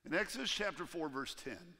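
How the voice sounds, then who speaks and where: A man preaching a sermon as pastor in a church, animated and acting out the voices he quotes. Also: fairly high pitch, a little fast, big-room sound. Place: church sanctuary.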